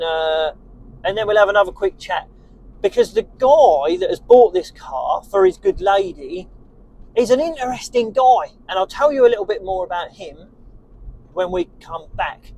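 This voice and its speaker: Chatty high-voiced man vlogging. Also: darkish tone. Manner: chatty, upbeat, rambling. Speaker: car dealer vlogger. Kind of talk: casual vlog chat while driving. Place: inside a small car.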